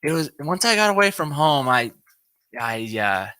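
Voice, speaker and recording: A man's voice: on the high side, normal speed, clean tone, no room sound. Laid-back man telling his story, dry sound. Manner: relaxed, rambling, says "you know what I mean" a lot. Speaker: podcast co-host sharing his recovery story. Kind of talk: casual conversation.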